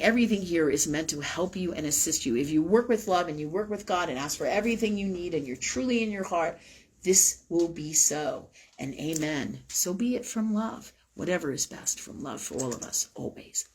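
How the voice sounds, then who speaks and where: A woman's voice: fairly low pitch, expressive, a little fast, slightly rough. A woman hosting a spiritual live talk show, talking casually in a rambling, blunt way and swearing freely.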